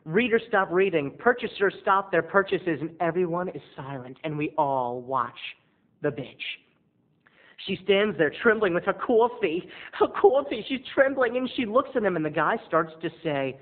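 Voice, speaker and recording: Theatrical male vlogger, punchy gossipy delivery, very animated pitch; phone-like audio. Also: moderate pace. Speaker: video blogger. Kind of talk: dramatic storytelling to camera.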